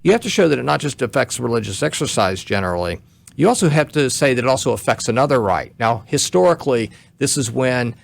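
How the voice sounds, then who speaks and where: A man's voice: medium pitch, animated, vocal fry. A man who is a guest commentator, explaining law step by step on a talk radio show, short on sleep. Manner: measured, explains step by step, some restarts.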